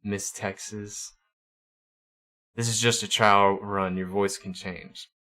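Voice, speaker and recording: Halting man hosting a casual stream. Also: fairly low pitch, fairly even intonation, sharp tone. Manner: halting, often repeats words. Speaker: livestream host. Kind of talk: casual chat with viewers.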